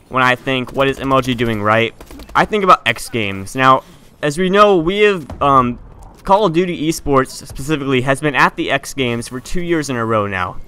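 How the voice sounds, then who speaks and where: A man's voice: mid-range voice, sharp tone, clear, resonant tone. A teenage boy giving a heated, indignant opinion rant on his gaming channel, often stumbling and restarting his sentences. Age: teens. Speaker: gaming YouTuber.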